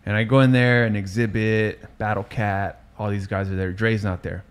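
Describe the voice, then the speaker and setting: A man's voice: on the low side, little pitch movement, moderate pace, clear, resonant tone. A man hosting a podcast, chatting casually and telling stories in loose slang with lots of swearing. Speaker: podcast host and DJ. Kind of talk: casual chat.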